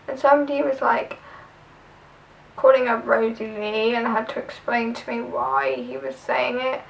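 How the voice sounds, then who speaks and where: Chatting casually through a tag video, a young vlogger from southern England rambles with lots of fillers. Her fairly high voice is creaky and a bit bright, captured from a distance in a rough recording.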